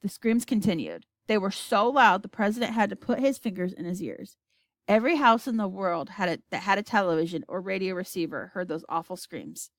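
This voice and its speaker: A woman reading a children's storybook aloud, with expressive narration. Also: mid-range voice, brisk, no room sound. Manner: expressive, lively character voices. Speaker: audiobook reader.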